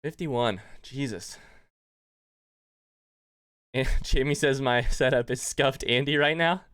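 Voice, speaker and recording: A man's voice: mid-range voice, takes it slowly, fairly bright tone, clear, resonant tone, no echo. Male streamer, winded from push-ups, rambly live chat with his viewers. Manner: rambling, thanks chat by name, thinks aloud. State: out of breath.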